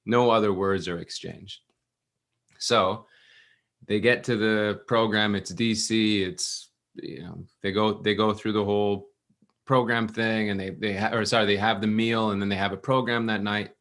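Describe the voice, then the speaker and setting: A man giving a scripture class at a temple, telling a story with lively restarts and acted-out quotes. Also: on the low side, moderate pace. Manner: animated, restarts, acts out quotes.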